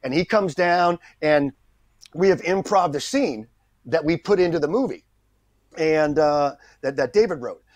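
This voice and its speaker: A middle-aged man, a guest actor on a podcast, telling a story in a lively way, acting out the people he quotes and often restarting his sentences. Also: fairly high pitch, a little slow, no room sound. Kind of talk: anecdotal storytelling in a podcast interview.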